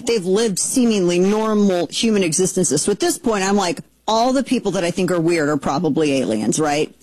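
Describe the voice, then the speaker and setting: A woman hosting a talk show, chatting in an excitable, sarcastic way and slipping into mock voices. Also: lowish voice, normal speed, no echo, rough recording. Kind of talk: casual commentary chat.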